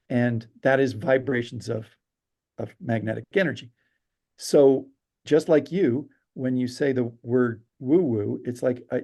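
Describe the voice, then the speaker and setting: Male guest storyteller, mid-range pitch, gravelly, animated delivery. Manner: animated storyteller, acts out quotes. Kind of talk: casual interview chat.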